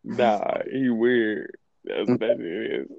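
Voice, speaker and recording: A man's voice: fairly low pitch, expressive, slow pace, creaky, a little mellow, dry recording. Rambling male co-host, dry muffled sound. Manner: rambling, fills with "like", profane. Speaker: podcast co-host. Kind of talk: casual podcast chat. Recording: dry, dull lo-fi audio.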